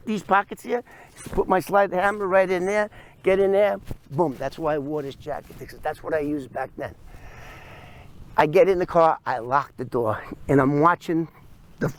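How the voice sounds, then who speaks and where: A man tells a first-person story, acting out scenes with sound effects and quick voices. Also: high voice, a little hiss or hum. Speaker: storyteller recounting his past.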